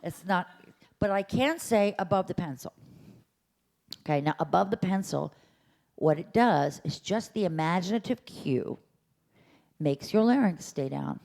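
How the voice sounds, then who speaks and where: A woman coaches a room through a vocal workshop, her voice swooping freely from low to high as she shows each sound. She talks in a chatty, playful way and breaks into meows and hums to demonstrate. Her speaking voice sits a little low. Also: expressive, measured pace, gravelly, long pauses, a little mellow. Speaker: voice teacher. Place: lecture room at a symposium.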